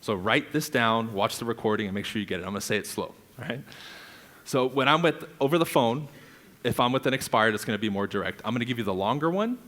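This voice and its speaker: A man's voice: mid-range voice, fast. A man coaching a live audience on real estate prospecting, energetically acting out client dialogue. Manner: energetic, acts out client dialogue, laughs often. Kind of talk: live seminar teaching.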